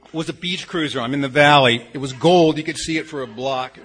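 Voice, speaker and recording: A man's voice: mid-range voice, a little fast, fairly bright tone, faint music behind. An older man speaking at a recovery meeting, telling a frank, rambling personal story with many restarts. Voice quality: gravelly. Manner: frank and earnest, with blunt curses. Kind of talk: personal testimony to a group.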